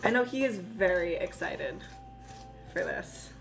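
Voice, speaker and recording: A woman live-streaming while she bakes, chatting in a rambling, casual way, swearing freely and cooing in a high voice at her dogs. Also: sing-song, unhurried, creaky. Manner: coos in a high voice when talking to her dogs. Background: music.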